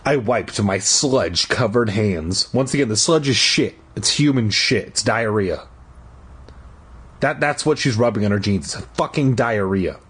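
A man's voice: on the low side, lively intonation, a little slow, a bit bright, slightly rough. A man reading a children's book aloud in a casual way, breaking off for irreverent, profane jokes. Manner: irreverent, profane, jokey commentary. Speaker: amateur audiobook reader. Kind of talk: casual read-aloud with joking asides.

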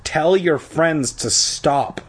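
A man voicing a stern, sleepy father scolding his son, in a sharp, scolding manner. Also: a little high, drawn-out words, husky, voice pushed up, heavily acted.

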